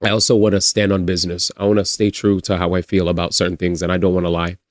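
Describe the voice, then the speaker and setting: A man's voice: deep voice, quick pace, no room sound. A young man streaming live, chatting casually with his viewers, laughing often and swearing as he reacts. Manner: animated, laughs often, swears, talks back to chat.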